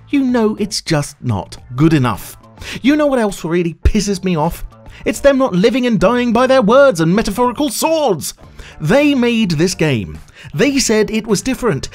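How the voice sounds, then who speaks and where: Exasperated man ranting sarcastically. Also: extremely high pitch. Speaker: gaming channel host. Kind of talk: ranting video commentary.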